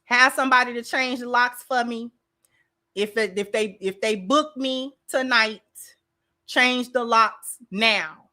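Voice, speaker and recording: Bright, high-voiced sassy woman commentator. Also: slow. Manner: sassy, emphatic, calls listeners baby. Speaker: commentary channel host. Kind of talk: opinionated reaction commentary.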